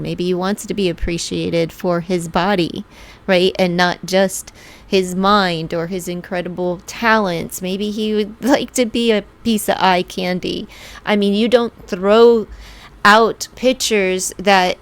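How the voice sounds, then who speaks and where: A woman's voice: on the low side, steady tone. A woman giving a casual tarot reading in a chatty way, laughing often and acting out what people might say. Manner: chatty, laughs often, acts out quoted lines; slow, drawn-out talk. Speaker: tarot reader.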